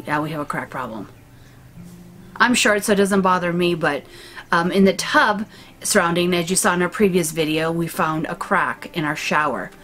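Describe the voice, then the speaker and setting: A woman's voice: fairly low pitch, a bit bright, faint music behind. A woman co-hosting a casual vlog, chatty and teasing as she talks to viewers. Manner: chatty, teasing, quick to laugh. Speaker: vlog co-host. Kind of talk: casual chat.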